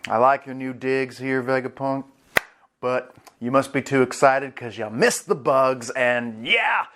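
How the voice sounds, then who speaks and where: A man's voice: fairly high pitch, fairly bright tone. A man voicing a laid-back, easygoing male navy admiral who talks in casual slang.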